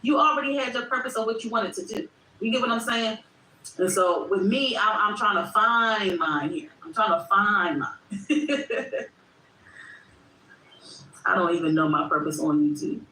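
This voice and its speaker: A woman's voice: medium pitch, measured pace, pauses often, sharp tone. A woman, hosting a casual livestream, repeating herself and talking straight to her chat. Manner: repetitive, reflective, talks to chat directly. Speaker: livestream host. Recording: echoey room with faint background noise.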